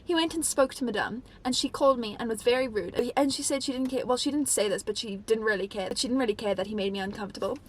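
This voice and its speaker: Young girl rambling thru a storytime vlog, talks super fast, kinda husky, says like a lot. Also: fairly high pitch. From South Africa. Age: young adult. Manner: chatty and rambling, heavy use of "like". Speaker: vlogger. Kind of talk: casual storytime, reading diary entries aloud.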